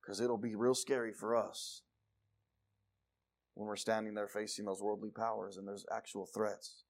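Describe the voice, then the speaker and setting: A male preacher giving a sermon, reading scripture and moving from loud declarations to quiet asides. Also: lowish voice, flat delivery, normal speed, vocal fry. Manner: reads scripture aloud in King James wording.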